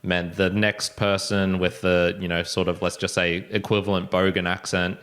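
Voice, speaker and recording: Low-voiced man hosting. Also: normal speed, clear, resonant tone. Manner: relaxed, frequent agreeing fillers. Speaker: podcast host. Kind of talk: casual chat.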